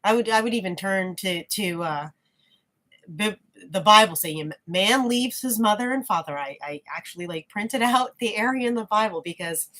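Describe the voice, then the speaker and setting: Woman vlogger, lower pitch, frank reflective monologue with halting restarts. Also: fairly bright tone. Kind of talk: casual spoken monologue.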